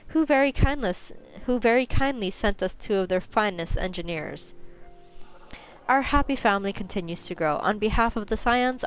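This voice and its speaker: A woman voicing a calm, gracious leader of a society, reading in a measured, formal way. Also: medium pitch, close to an everyday voice, rough recording.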